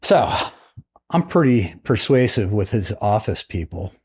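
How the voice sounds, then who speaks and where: He speaks fairly low and a little slowly, his voice slightly rough. A retired naval flight officer, this middle-aged American is a podcast guest who animatedly and casually relates his story, voicing the characters in it.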